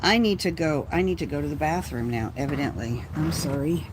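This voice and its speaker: Ailing, short-winded live streamer, lively up-and-down pitch, sighing, swears casually, noisy hiss behind. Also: a little fast. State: out of breath, feeling ill. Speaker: livestreamer chatting with viewers. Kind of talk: casual rambling live chat. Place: inside a bus living space.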